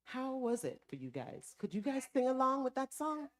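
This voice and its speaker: A woman's voice: sits high, moderate pace. A woman from Jamaica, chatting casually from the stage before introducing the minister. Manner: relaxed, chatty, lots of asides. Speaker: music leader introducing the minister.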